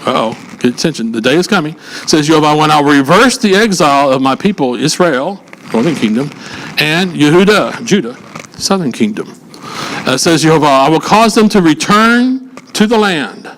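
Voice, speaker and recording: A man's voice: a little high, animated, normal speed, fairly bright tone, a little hiss or hum, poor audio. A man leading a scripture teaching session, reading verses aloud and breaking off into casual asides and jokes with his listeners. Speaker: Bible teacher.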